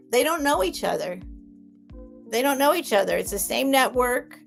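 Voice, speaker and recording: A woman's voice: high voice, sing-song, normal speed, creaky, soft background music. A woman hosting a live sale stream, rambling in a chatty way and gushing thanks at her viewers.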